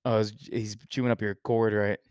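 A man's voice: fairly low pitch, flat delivery, a little fast, darkish tone, smooth, no echo, studio quality. A man hosting a casual sports podcast, joking and rambling through banter with his co-host. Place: Texas.

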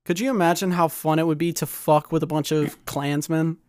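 A woman's voice: deep voice, fairly even intonation, brisk, darkish tone, dry recording, studio quality. A woman co-hosting a podcast, chatting casually with crude jokes and frequent laughter. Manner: crude, joking, laughs a lot. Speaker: podcast co-host. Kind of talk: casual chat.

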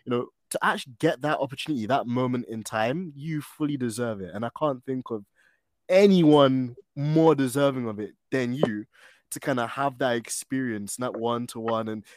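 A man hosting a podcast interview, chatting effusively and often trailing off quietly at the ends of phrases. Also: medium pitch, normal speed, no room sound, studio quality. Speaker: podcast host. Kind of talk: casual interview chat.

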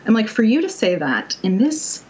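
A woman's voice: on the high side, big pitch swings, normal speed, darkish tone, low-quality recording. A young woman chatting casually, telling a dating story in a rambling way, full of fillers and wry quoted asides. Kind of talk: casual chat.

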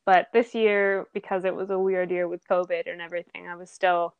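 A woman's voice: fairly low pitch, a little fast, smooth, dry recording, phone-quality sound. Woman, young adult, casual chat, laughs a lot, dry close recording. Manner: laughs often, chatty and animated. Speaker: restaurant manager.

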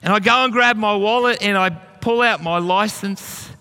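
Bright high-voiced pastor preaching. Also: male voice, normal speed, clear, resonant tone. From Australia. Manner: storytelling, earnest and encouraging. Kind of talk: sermon. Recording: long hall reverb.

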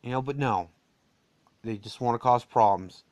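An adult American man hosts a casual solo podcast, rambling and digressing with lots of "uh"s and restarts. His voice is medium-pitched and darkish, at a moderate pace, with no room sound.

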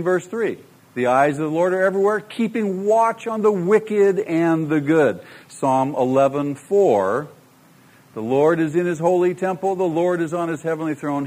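Middle-aged pastor guy preaching, slightly high voice, keeps asking the room questions. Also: a little mellow. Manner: emphatic, rhetorical questions to the congregation. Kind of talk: sermon.

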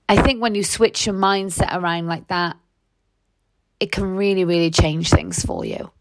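A middle-aged Welsh woman hosts a podcast, giving a motivational monologue in a mid-range voice at a moderate pace. Her talk is earnest and conversational, full of fillers.

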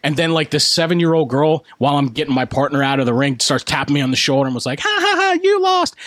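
A man and former wrestler, a podcast guest, casually telling animated anecdotes and acting out the quotes. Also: mid-range voice, quick pace, no echo, clean studio sound. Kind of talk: casual storytelling.

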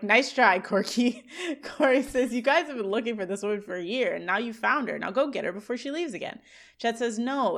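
Woman co-host recapping TV scenes. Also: mid-range voice. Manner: recounts scenes, quoting lines in a flat read. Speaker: podcast co-host. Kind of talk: casual recap chat.

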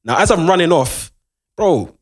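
A man's voice: fairly high pitch, normal speed. A young man, animatedly telling a long story in casual chat and using lots of slang. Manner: animated, repeats "do you understand", London slang.

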